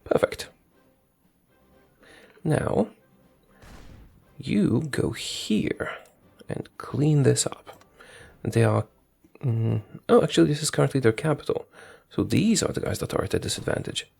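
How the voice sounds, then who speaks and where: A man's voice: medium pitch, big pitch swings, a little slow, gravelly, pauses often, darkish tone, breathy edge, soft background music. A man giving casual commentary on his strategy game, thinking aloud, talking to his units and correcting himself as he goes.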